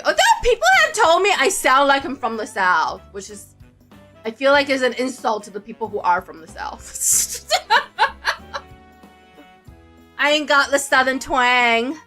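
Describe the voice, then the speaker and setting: A woman streamer narrating a visual novel with playful, jokey, excitable asides. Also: on the high side, moderate pace, faint music behind. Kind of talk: playful game commentary and narration.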